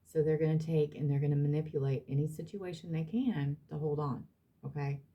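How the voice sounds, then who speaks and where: A woman's voice: low voice, fairly even intonation, fairly quick, dark tone, dull audio. A woman reading tarot cards for her audience, emphatic and blunt, repeating herself and swearing now and then. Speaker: tarot reader.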